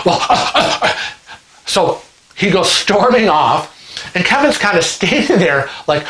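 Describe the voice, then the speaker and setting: A man hosting a vlog, telling a story in a chatty, animated way and acting out the people in it. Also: high-pitched, a little slow. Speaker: vlog host. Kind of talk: casual storytelling. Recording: roomy echo.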